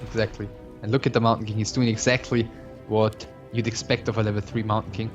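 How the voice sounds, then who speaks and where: A man with a fairly low voice breaks down a strategy game match, thinking aloud and often pausing with fillers. Clear background music plays under him the whole time. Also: level tone, dull audio. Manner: analytical, hesitant with fillers. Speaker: esports co-commentator. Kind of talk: casual game commentary.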